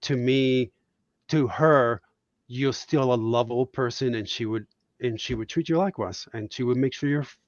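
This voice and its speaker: A man's voice: medium pitch, moderate pace, dry recording, lo-fi sound. A man from Puerto Rico, a guest cartoonist, telling reflective, heartfelt stories in a casual podcast chat.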